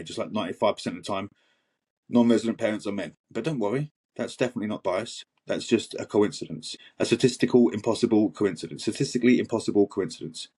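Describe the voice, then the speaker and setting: A man's voice: fairly low pitch, a little mellow, slightly rough. A man hosting a sarcastic commentary monologue, mocking and exasperated. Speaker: host.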